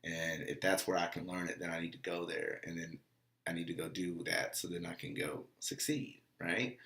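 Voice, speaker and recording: A man's voice: sits low, creaky, bright, forceful tone, roomy sound. A man giving a casual, earnest motivational talk, repeating phrases and acting out bits of dialogue. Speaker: motivational vlogger and dog trainer.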